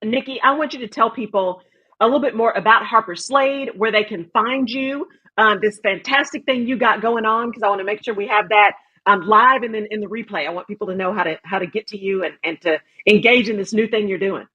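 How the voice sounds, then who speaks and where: Husky-voiced woman host from Texas. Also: mid-range voice, a little fast, bright, forceful tone. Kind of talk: casual interview talk, storytelling. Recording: dull lo-fi audio.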